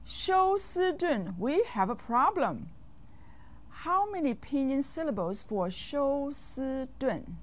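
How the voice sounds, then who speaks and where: Slow, lively-voiced woman language teacher. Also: high-pitched. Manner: slow, carefully enunciated, with quizzing pauses. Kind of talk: scripted language lesson for kids.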